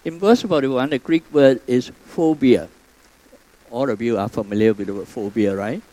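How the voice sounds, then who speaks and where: A man preaching a sermon, telling stories with sudden swings between loud emphasis and soft asides. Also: medium pitch, moderate pace, low-quality recording.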